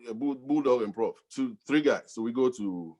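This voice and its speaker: A man's voice: mid-range voice, moderate pace. A middle-aged man from Ghana, a DJ and professor, telling stories in a casual interview and laughing often. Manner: laughs often, animated storytelling. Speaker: guest DJ and professor.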